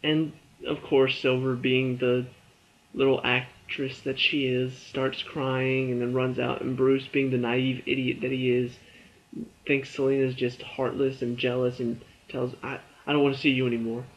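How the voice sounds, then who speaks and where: A young man reviewing a TV episode in a casual, rambling way, full of fillers and quick asides. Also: medium pitch, completely flat delivery, dull audio.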